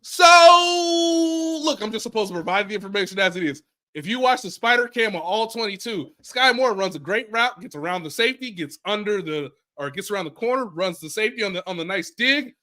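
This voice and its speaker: An American man co-hosting a casual sports podcast, animated, repeating phrases and acting out players' quotes. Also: sits high, brisk. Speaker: sports reporter and podcast co-host.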